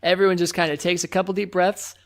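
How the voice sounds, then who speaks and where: A man's voice: high-pitched, level tone, fast talker, a bit bright. A man hosting a casual podcast, rambling through stories and laughing often. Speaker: podcast host. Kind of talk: casual chat.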